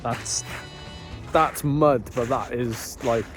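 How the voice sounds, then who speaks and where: A man's voice: medium pitch, takes it slowly, over music. A man talking to camera in a casual, jokey, self-deprecating way, outdoors at a muddy race course. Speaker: vlogger and amateur cyclocross racer. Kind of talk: casual vlog chat to camera.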